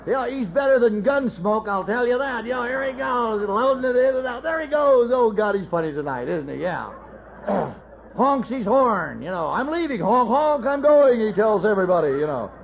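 A man's voice: very high voice, animated, moderate pace, creaky, a faint crowd. A middle-aged man telling his recovery story at a meeting, folksy and self-mocking with wry humor. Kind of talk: AA speaker talk, storytelling. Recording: dull lo-fi tape recording.

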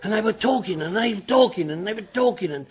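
A man's voice: sits high, quick pace, breathy edge. A man telling his recovery story to a meeting, acting out voices and swearing freely. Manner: animated storyteller, acts out dialogue, swears freely. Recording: dull lo-fi recording with a murmuring crowd.

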